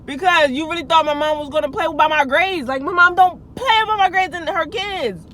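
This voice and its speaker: A young woman with a high voice tells a casual storytime for her channel. She talks in a loose, slangy way, restarting lines and turning to her viewers with asides. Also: moderate pace, pushed and bright, slight background noise, poor audio. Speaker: vlogger.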